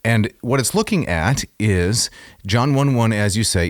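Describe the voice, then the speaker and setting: A man co-hosting a podcast, explaining a text in a measured, scholarly way in casual discussion. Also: on the low side, expressive, no echo, clean studio sound. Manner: measured, explanatory, reads out texts aloud. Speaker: podcast co-host.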